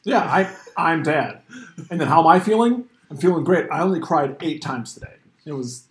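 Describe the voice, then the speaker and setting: Playful male dungeon master, lively pitch. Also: moderate pace. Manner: playful, punny dad jokes. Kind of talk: casual joking table chat. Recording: roomy room with faint noise.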